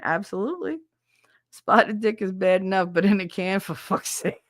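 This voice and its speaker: A woman hosts a podcast from her bedroom and chats loosely with her viewers, cursing freely and laughing at her own stumbles. Her voice sits at an average pitch, and it is recorded close and dry, with no room echo. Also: moderate pace. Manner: swears freely and laughs often; chatty and self-mocking. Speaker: podcast host. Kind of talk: casual live chat with viewers.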